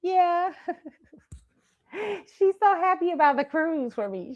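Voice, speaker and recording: A woman's voice: very high-pitched, animated, a little mellow, no room sound, muffled recording. Chatty woman host asking "okay?". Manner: chatty, tag questions of "okay?", quick laughs. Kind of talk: casual chat commentary.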